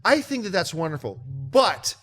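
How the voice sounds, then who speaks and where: A man hosting a movie show, chatting casually and telling a story with lively mimicry of other people. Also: normal speed, breathy edge, faint music behind. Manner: animated storytelling, mimics others in high excited voice. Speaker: show host. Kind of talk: casual chat.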